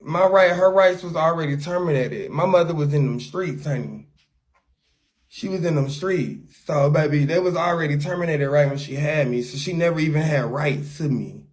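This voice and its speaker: Brash, high-voiced ranting man. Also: normal speed. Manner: brash, profane, sassy. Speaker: livestreamer. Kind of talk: ranting livestream.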